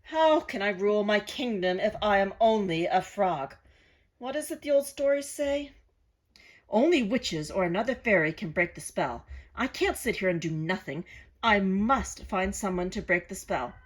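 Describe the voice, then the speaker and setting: A woman's voice: medium pitch, animated, normal speed, natural voice. A woman voicing a self-pitying frog prince who speaks in a genteel, refined way, from a storybook reading. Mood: dismayed.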